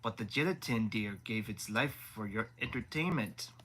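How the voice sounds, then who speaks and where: A man's voice: on the low side, expressive, moderate pace, a bit bright, husky. A man voicing a charming young prince with a dry, teasing manner in a live audiobook reading. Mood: wry.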